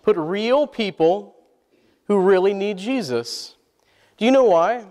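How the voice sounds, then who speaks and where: Taking it slowly, this pastor speaks in a high, expressive, somewhat mellow voice. The recording carries the long reverb of a church hall as he preaches in the sanctuary and calls on the congregation to answer his questions.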